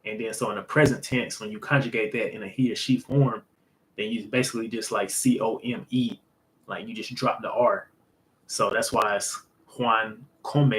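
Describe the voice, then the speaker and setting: A man walks through a lesson in an easygoing, rambling way, leaning on fillers and punctuating points with "boom". His voice sits on the low side, and he takes his time. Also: fairly bright tone, poor audio. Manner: loose, filler-heavy explaining, says "boom". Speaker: host. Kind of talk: casual language lesson.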